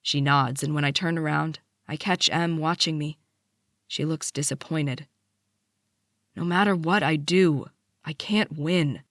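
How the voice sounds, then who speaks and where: A young adult woman narrating a first-person audiobook in a measured, emotive way. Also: low voice, fairly even intonation, fairly bright tone, no room sound, studio quality.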